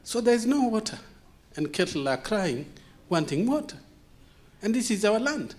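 A man with a first language other than English gives an impassioned conference talk, full of repeated rhetorical questions and dramatic pauses. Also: high voice, sing-song, darkish tone. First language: not English. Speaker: conference speaker. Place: conference hall.

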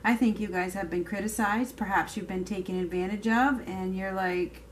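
A woman's voice: mid-range voice, fairly even intonation, moderate pace, hardly any pauses, a little hiss or hum. A woman giving a casual tarot reading to her viewers, chatty and emphatic, now and then swearing. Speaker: tarot reader.

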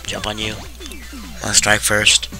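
A man's voice: lowish voice, takes it slowly. Sarcastic young man narrating gameplay. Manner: sarcastic, swears freely, tired deadpan. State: tired. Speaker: let's play commentator. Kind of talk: casual gameplay commentary. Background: game music.

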